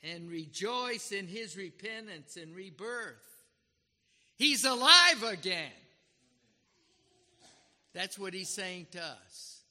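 Slow, bright-voiced man preaching. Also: high voice, animated. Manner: earnest and dramatic, acts out the quotes he reads. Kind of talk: sermon. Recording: reverberant hall.

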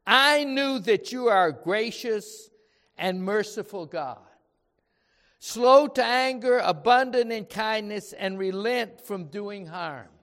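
Man doing an angry biblical prophet, high pitched, loud exasperated outbursts, hall echo. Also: heavily acted. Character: angry, indignant biblical prophet pleading with God. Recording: reverberant hall.

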